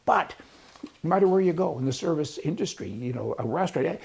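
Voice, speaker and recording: An older man talks through his opinions in a loose, folksy ramble. His voice is very husky and gravelly, with a dark, mellow tone. He sounds opinionated and unhurried, like a regular host holding forth. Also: fairly high pitch, animated. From Canada. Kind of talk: rambling political commentary.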